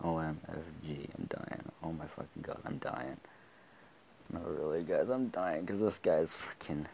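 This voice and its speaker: A young man giving live gameplay commentary, excitable, often laughing and yelling at the game. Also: extremely low pitch, moderate pace, gravelly, slight background noise. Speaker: gaming YouTuber.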